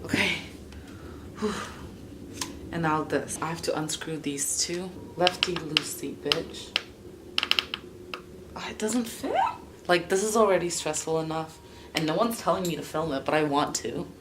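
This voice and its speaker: A young woman with a low voice talks her way through a fix in a chatty home vlog. She swears freely and laughs at herself. The recording carries a clear background hiss. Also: measured pace, long pauses. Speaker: vlogger. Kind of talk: casual vlog narration while working.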